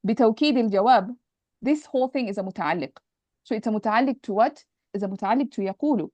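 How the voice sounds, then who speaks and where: A woman's voice: medium pitch, lively intonation, racing, darkish tone, dry recording. Patient woman teacher on a dull call. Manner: patient, explains step by step, repeats key points. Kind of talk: online grammar lesson.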